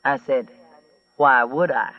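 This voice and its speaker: A man reading an audiobook, voicing a rough, brawling woman trucker with a twangy drawl who talks blunt and profane. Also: mid-range voice, slow, no room sound, recorded from a distance, narrow, tinny audio, natural voice. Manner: blunt, profane, matter-of-fact.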